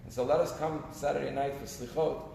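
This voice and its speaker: Speaking a little fast in a steady, mid-range, creaky voice, a man gives a rabbi's sermon full of earnestly told stories, his volume rising and falling. The synagogue sanctuary sounds echoey, with long reverb and faint background noise.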